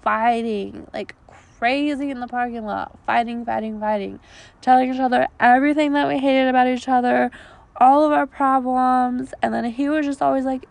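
A woman in her thirties tells a rambling story on a casual podcast, packing her speech with fillers. Her voice sits fairly high, but it is raspy and gravelly, and she is losing it. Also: steady tone, moderate pace, a little mellow, no echo. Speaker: podcast co-host.

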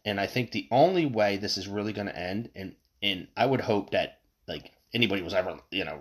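A man hosting his own show, ranting in a casual, heated way, swearing often and stammering over repeated words. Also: medium pitch. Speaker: podcast host. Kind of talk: casual opinion rant.

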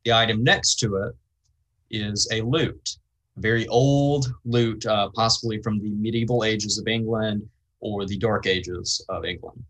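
A man with a fairly low voice narrates a tabletop game as its game master. He describes the scene slowly and deliberately, filling pauses with ums. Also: steady tone, a bit bright, rough recording. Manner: slow, descriptive, with frequent ums.

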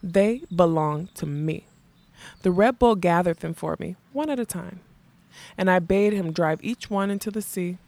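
A woman reading the lines of a mad, possessive old king, soft and menacing in turn. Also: lowish voice, measured pace, no echo. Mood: rapt. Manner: soft and menacing, turning fierce and childlike.

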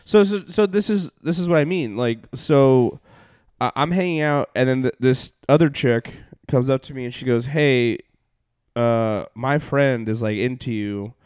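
A man's voice: medium pitch, unhurried, a little mellow, clean tone, dry recording, studio quality. A young man, a comedian hosting a podcast, telling tour stories in casual chat, rambling with lots of fillers, laughs and swearing.

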